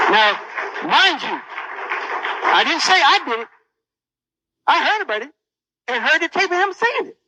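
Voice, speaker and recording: High-voiced boastful male preacher. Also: very noisy. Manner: boastful, menacing. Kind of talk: sermon.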